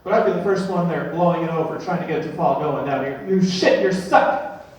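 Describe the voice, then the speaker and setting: A young male comedian on stage, his voice sitting high for a man, delivering jokes in a dry, deadpan way. The sound comes from a distant mic in a very echoey room with a faint hiss behind it. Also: fast. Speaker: stand-up comedian. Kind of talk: stand-up comedy set.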